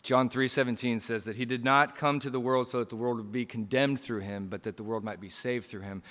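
A man preaching a sermon with passion, surging to loud emphasis and dropping to quiet lines, acting out quoted voices as he tells stories. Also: mid-range voice, fairly even intonation, a little fast, big-room sound. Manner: impassioned, swings between loud emphasis and quiet drops; acts out quoted lines in storytelling asides.

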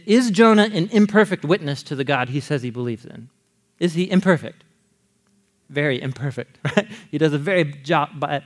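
A male preacher teaching a Bible story in a lively way, laughing often and acting out the characters' lines. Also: fairly high pitch. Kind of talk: animated sermon teaching.

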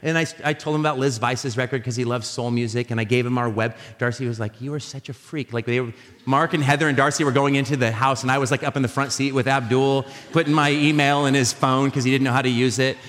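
Pastor guy preaching, animated jokey storyteller, lots of echo from a big hall. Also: medium pitch, fast. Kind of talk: sermon with storytelling. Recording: live sermon in a reverberant hall.

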